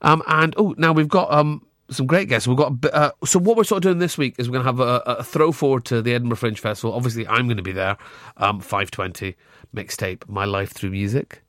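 A man's voice: mid-range voice, brisk, a bit bright, no room sound. A man with a Glaswegian accent hosting a radio show, chatting and teasing his co-hosts in a studio. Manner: joking, teasing, playful. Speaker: radio host. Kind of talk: casual studio chat.

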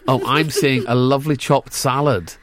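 A Glaswegian radio host chats casually in the studio, playfully joking with and teasing his co-hosts. His voice is mid-range, steady, and fairly bright, at a normal speed.

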